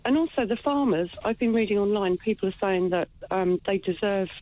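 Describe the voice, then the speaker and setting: A woman's voice: mid-range voice, a little fast, warm tone, rough recording. A woman calling in to a talk radio show, earnest and agreeable, repeating her points. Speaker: caller. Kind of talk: phone-in call.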